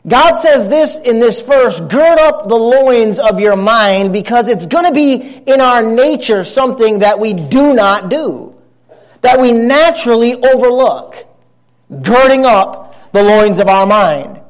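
A man's voice: very high voice, animated, a little slow. A man preaching a sermon as pastor, earnest with wry asides.

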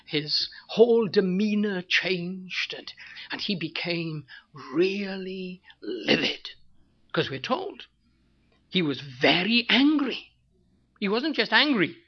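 Preacher, emphatic, rhetorical questions, repeats for weight, mid pitch, muffled lo-fi sound. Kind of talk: sermon.

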